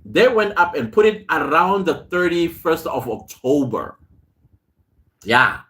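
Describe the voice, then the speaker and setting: A man hosts a casual live stream, reading out viewer comments and greeting people by name. He speaks at an unhurried pace in a somewhat high voice. His stories wander in a chatty way, broken up by laughs. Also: sing-song, fairly bright tone. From South Africa. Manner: reads viewer comments aloud and greets them; chatty storytelling with frequent laughs. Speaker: host.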